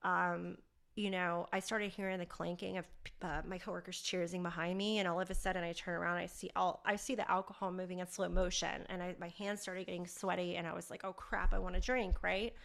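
Female host, candid and animated storyteller, some vocal fry. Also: lowish voice, brisk. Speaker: podcast host. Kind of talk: personal storytelling.

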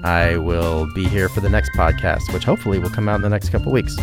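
A man's voice: deep voice, fast talker, over music. A man hosting his own podcast, talking casually and poking fun at himself. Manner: self-deprecating, rambling outro. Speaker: podcast host.

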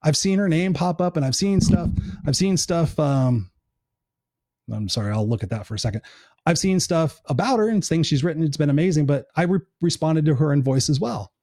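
A man's voice: fairly high pitch, animated, a little fast, darkish tone, no room sound, studio quality. A middle-aged man hosting a live show in casual chat, earnest and encouraging, swearing now and then.

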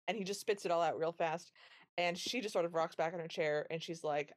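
A woman's voice: on the low side, normal speed. A woman co-hosting a podcast, recapping a film in casual chat and acting out the characters' lines as she goes. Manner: animated retelling, acts out quoted lines. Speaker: podcast co-host.

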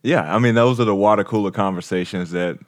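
A man's voice: fairly low pitch, quick pace, no echo, clean studio sound. A man co-hosting a casual faith podcast, adding wry, teasing remarks. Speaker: podcast co-host.

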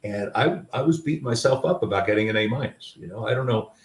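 An older guest author talks fast in a mid-range voice, recalling personal stories reflectively and filling his speech with fillers. The sound is roomy, captured by a distant mic.

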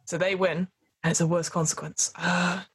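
A woman running a tabletop horror game as game master, narrating scenes dramatically and quickly. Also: fairly low pitch, level tone, a little hiss or hum.

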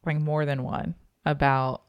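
A podcast co-host in casual chat, with a calm, relaxed voice and a faint Southern US drawl. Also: medium pitch, unhurried, clear, resonant tone, no room sound, muffled recording. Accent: slight Southern US drawl. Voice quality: calm voice that listeners find soothing.

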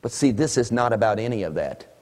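A man preaching a sermon, swinging between hushed asides and shouted emphasis. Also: fairly low pitch, animated, fast, long reverb tail.

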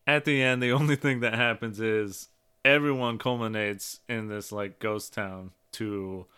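A man's voice: fairly low pitch, fairly even intonation, measured pace, sharp tone, smooth. A man co-hosting a podcast, casually recapping episodes, swearing and quoting lines. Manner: retells scenes with quoted lines. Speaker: podcast co-host.

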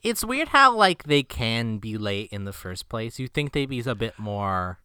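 Laid-back guy recapping a movie, lively pitch, smooth clear voice, dry sound. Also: unhurried, no echo. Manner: laid-back, wry plot summarizing. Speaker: podcast co-host. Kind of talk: casual movie-review chat.

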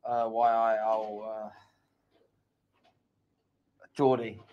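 A man's voice: lowish voice, completely flat delivery, very slow, dull audio. A man co-hosting a casual live-stream chat, laid-back, mostly giving short replies. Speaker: co-host.

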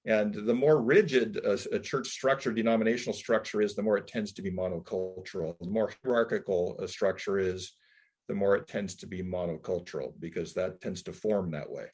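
A man's voice: fairly low pitch, a little fast, a little mellow, husky. A man interviewing a pastor, musing and thinking aloud about church and culture. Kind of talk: reflective interview talk.

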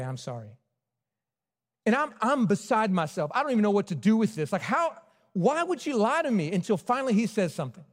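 A man preaching a sermon in a church, telling a personal story earnestly and dropping to a near hush at tender points. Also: high-pitched. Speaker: pastor. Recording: long church hall reverb.

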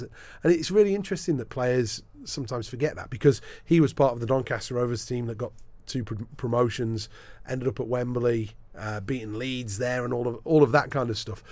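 A man's voice: mid-range voice, a little fast, hardly any pauses, no room sound. A man, a sports broadcaster telling stories in a podcast interview and acting out the people he quotes. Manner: lively storyteller, acts out the people he quotes. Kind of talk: anecdotal storytelling in a podcast interview.

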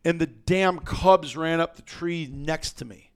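A man telling a story as a guest on a podcast, in a lively, colorful way with some mild cursing. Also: on the high side, measured pace, clear, resonant tone. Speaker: guest hunter.

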